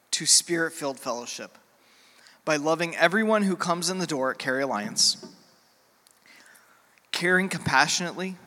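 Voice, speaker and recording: A middle-aged man preaching a sermon as a pastor, earnest and heartfelt, with pauses and fillers. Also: a little high, sharp tone. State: emotional, near tears. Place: church sanctuary. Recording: church hall with long reverb.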